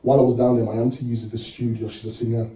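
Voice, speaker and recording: A man's voice: mid-range voice, flat delivery, rapid-fire, warm tone. A man from England, telling stories in a laid-back, slangy way as a musician guest. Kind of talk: casual storytelling interview. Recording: echoey room from far off.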